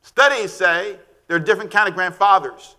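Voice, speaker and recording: A middle-aged man preaching a sermon, animated and shouting at times, calling for amens from the congregation. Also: high voice, normal speed. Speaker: pastor.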